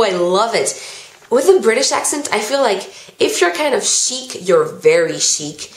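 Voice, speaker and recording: A woman's voice: on the high side, expressive, normal speed. A teenage girl with a Californian-tinged American accent, answering viewer questions in a casual vlog. She reads each question aloud, then answers chattily with "um" and "like". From France. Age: teens. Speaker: vlogger. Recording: roomy echo.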